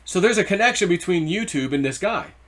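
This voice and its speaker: A man hosting his own crypto channel, talking in a casual, rambling and excitable way with many restarts. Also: high-pitched, brisk.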